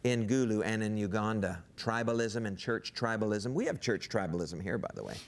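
A man's voice: on the low side, fairly quick. A man talking on a studio talk show as a guest missionary and TV producer, earnest and enthusiastic, with frequent restarts. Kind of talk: casual studio chat.

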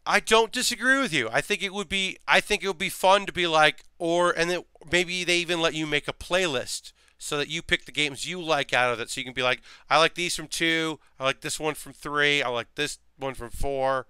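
Tired guy chatting on a build stream, bright crisp voice, dry sound, mutters while working. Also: on the high side, no room sound. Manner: rambling, thinks aloud, mutters to himself while working. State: sleepy, yawning. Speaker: streamer building model kits. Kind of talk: casual live-stream chat while building.

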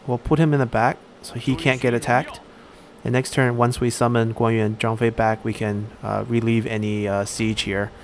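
A man giving casual let's-play commentary while he plays a strategy game, thinking aloud and pausing often on fillers. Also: medium pitch, little pitch movement, a little hiss or hum. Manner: thinks aloud, halting with frequent "uh".

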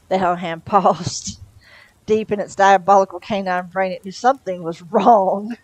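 A woman's voice: mid-range voice, steady tone, measured pace, no room sound, low-quality recording. A woman reading a novel aloud in a casual way, with small stumbles and self-corrections. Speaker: storyteller.

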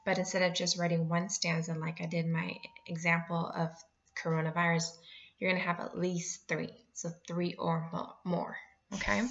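Low, gravelly woman teacher. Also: flat delivery, muffled recording. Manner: clear and instructive, reads poems aloud, slows down to explain. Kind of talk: remote lesson.

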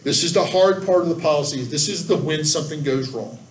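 A man's voice: on the high side, fairly quick. A man giving a church volunteer training talk, folksy and earnest, stressing key rules with emphasis. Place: church room. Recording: echoey room, distant mic, faint background noise.

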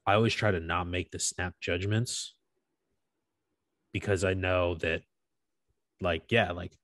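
A young man with a low voice, chatting casually on a podcast. He tells stories with animated bursts, swears freely and laughs often. The sound is dry and close, with no room echo. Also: unhurried. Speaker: podcast co-host. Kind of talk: casual chat.

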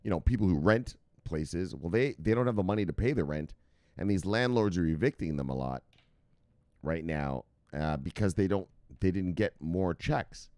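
A man hosting a casual livestream. He swears a lot, jumps into loud bursts and keeps repeating the same catchphrases. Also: low-pitched, lively intonation, normal speed, no echo, studio quality. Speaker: livestream host.

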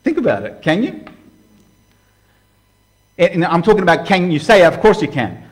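Male preacher, tenor-ish, chatty sermon style with sudden loud and soft turns. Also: high voice, big pitch swings, moderate pace. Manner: conversational, asks the congregation direct questions; voice swings from hushed to loud. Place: church hall before a live congregation.

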